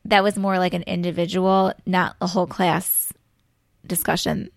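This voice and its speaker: A woman's voice: lowish voice, level tone, moderate pace, creaky, no room sound. Woman, elementary teacher, casual podcast chat, patient step-by-step explaining, dry close sound. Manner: explains step by step, many fillers like "so, like".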